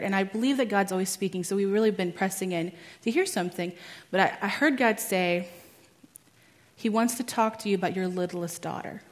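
A young woman telling a personal testimony in a chatty way, full of "like" and quick laughs at herself. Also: medium pitch. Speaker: speaker at a church teaching.

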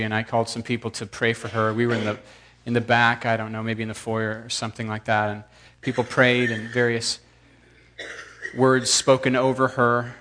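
A man's voice: medium pitch, a bit bright, slight background noise. A man in his thirties telling a rambling, self-deprecating story to a congregation. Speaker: preacher.

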